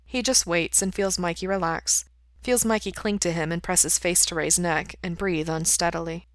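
A woman reading a story aloud in a calm, even way. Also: fairly low pitch, normal speed, dry recording. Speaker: reader. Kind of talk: storybook narration.

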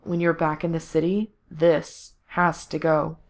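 A woman reading a story aloud, voicing a cruel male villain with a slow, quiet drawl. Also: low voice, fairly even intonation, gravelly. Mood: menacing. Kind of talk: fan fiction reading.

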